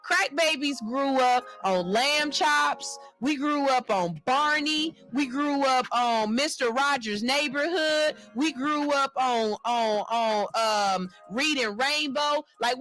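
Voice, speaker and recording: A woman hosting a morning radio show, reading a news story aloud and riffing on it with animated jokes. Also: high-pitched. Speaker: radio host. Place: radio studio.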